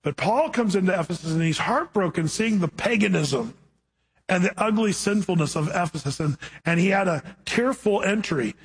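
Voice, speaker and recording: A man delivers a sermon with animated, conversational energy. His voice sits high and carries a husky edge. He often slips into acted-out quotes. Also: normal speed. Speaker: pastor.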